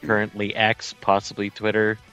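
A man's voice: lowish voice, monotone, moderate pace, a bit bright, clean tone, soft background music. A man co-hosting a wrestling radio show, dryly plugging his social media in a rambling way. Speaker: co-host. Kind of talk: casual wrestling radio banter.

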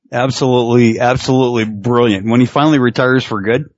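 A middle-aged man with a medium-pitched voice swaps energetic stories in casual conversation, laughing often and swearing freely. It's a dry recording with a dull, lo-fi sound.

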